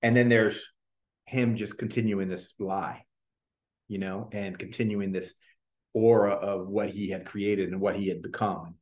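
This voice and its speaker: A man's voice: lowish voice, fairly even intonation, a little slow, a little mellow. A man in an interview telling casual stories about his music career, rambling with restarts and the odd swear. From Orlando. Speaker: guest, former boy band member.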